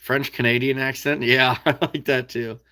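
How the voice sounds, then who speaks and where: A man's voice: medium pitch, flat delivery, normal speed, bright, forceful tone. A man with an American Midwest accent hosting a casual livestream, reading out viewer comments in an easygoing, folksy way with frequent chuckles. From Iowa.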